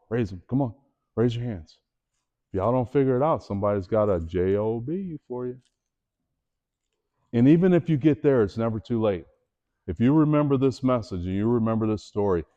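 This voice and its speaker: A middle-aged man, a former athlete, giving a motivational talk to students in a school auditorium, telling a personal story with rising and falling intensity. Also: highs cut off. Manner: storytelling, animated, raises voice for drama then drops low. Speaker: motivational speaker.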